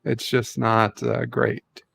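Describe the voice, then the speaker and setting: A man hosting a casual livestream chat, speaking in a halting way with many fillers and pauses. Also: mid-range voice, completely flat delivery, gravelly, a bit bright. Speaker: livestream host.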